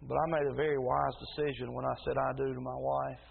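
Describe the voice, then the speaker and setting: A man preaching a sermon as pastor in a church, emphatic and rising into a loud preaching cadence. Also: medium pitch, flat delivery, fast, vocal fry, breathy edge. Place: church sanctuary. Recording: tinny phone-like sound in a reverberant hall.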